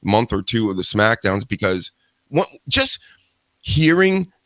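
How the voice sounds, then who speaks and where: A man's voice: fairly low pitch, a little slow, no echo. A man hosting a wrestling talk podcast, ranting casually with a lot of swearing. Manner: profane, animated ranting. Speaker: podcast host.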